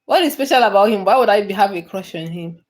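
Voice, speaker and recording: A woman's voice: mid-range voice, lively intonation, quick pace, a little mellow. A woman hosting a casual livestream, answering viewers' comments with frequent laughter and repeated, restarted phrases. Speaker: livestream host.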